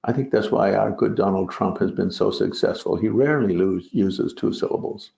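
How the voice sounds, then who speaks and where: The speaker is a Buddhist teacher whose dharma talk on a translated poem keeps drifting into tangents and jokes. He has a lowish, mellow voice with vocal fry and talks at normal speed; the recording is roomy, dull and lo-fi.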